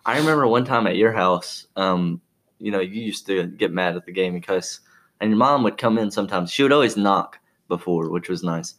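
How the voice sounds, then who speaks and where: A man's voice: low voice, normal speed, fairly bright tone. A young man, chatting casually and telling rambling, profane stories with lots of laughs. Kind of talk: casual chat.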